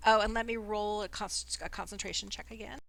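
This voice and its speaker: A woman's voice: medium pitch, steady tone, fairly quick, vocal fry, a bit bright. A woman narrating as dungeon master in a chatty, playful way. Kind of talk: narrating a tabletop game.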